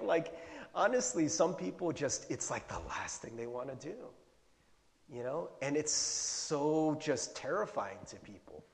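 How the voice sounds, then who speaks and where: Here a fairly high-voiced pastor, moving at a moderate pace, delivers a lively, playful sermon, teasing himself and acting out bouts of panic with rising shouts. The sound has a large-room quality.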